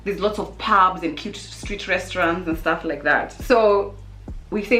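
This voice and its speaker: A young woman and channel host telling a funny story casually to camera, animated and lively, jumping into high exclamations. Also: moderate pace. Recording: roomy echo with faint music.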